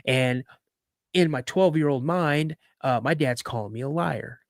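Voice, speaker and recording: A middle-aged man telling a childhood story as a podcast guest, acting out the shouting between himself and his father. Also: on the high side, measured pace, dry recording, clean studio sound. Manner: acts out dialogue with raised voice. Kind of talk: animated storytelling.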